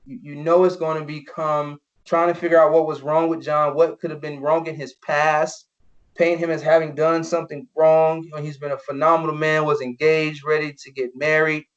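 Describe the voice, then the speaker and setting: This time his slightly high voice comes out flat, at a moderate pace. A young former football player on a podcast, he tells personal stories earnestly, sprinkling "you know" everywhere and voicing quoted speech, all in dull lo-fi audio.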